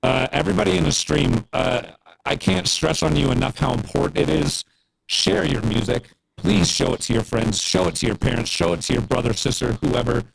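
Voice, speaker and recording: Gravelly-voiced man giving earnest feedback. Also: mid-range voice, a little fast, no echo, low-quality recording. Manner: earnest, encouraging, rambling with fillers. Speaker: music producer guest giving feedback. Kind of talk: casual livestream chat.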